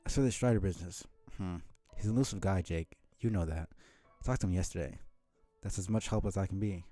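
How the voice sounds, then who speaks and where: A man's voice: low-pitched, fast talker, dark tone, soft background music, close to an everyday voice. A man voicing a prim, bookish teenage girl who speaks precisely and corrects others. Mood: dry.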